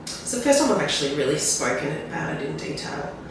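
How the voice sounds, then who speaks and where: A woman's voice: deep voice, very animated. Female guest, frank storyteller with restarts and tag questions; recorded off-mic in a reverberant room. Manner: rambling, tag questions like "right?"; halting, restarts when emotional. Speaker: podcast guest. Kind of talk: candid personal storytelling. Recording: very echoey room, distant mic, faint noise.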